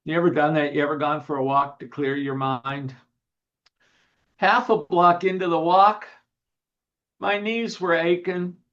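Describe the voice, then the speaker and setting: A man, a minister, giving a sermon in a gentle, unhurried way, guiding the listeners through breathing and telling light humorous anecdotes. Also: on the high side. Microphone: video call. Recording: dull lo-fi video call audio.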